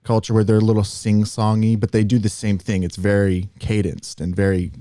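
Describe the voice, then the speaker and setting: A man's voice: on the low side, little pitch movement, brisk, warm tone, no room sound, clean studio sound. A man co-hosting a podcast in casual chat, rambling through explanations and breaking into accent demonstrations. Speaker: podcast co-host.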